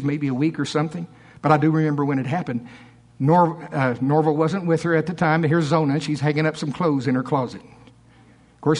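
A man preaching a storytelling sermon in a conversational, animated way, often asking the audience questions. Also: on the high side.

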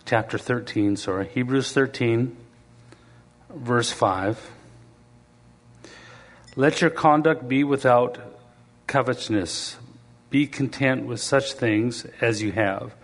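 A man's voice: mid-range voice, slow, pauses often. Guy preaching, chatty sermon, acts out little back-and-forths. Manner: conversational preaching, acts out quoted voices. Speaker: pastor.

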